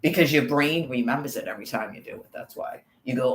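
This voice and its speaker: A man's voice: mid-range voice, brisk, few pauses, a bit bright, roomy sound, rough recording. A man vlogging on a walk, talking in a rambling, profane monologue and calling out viewers by name. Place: outdoors on a walk.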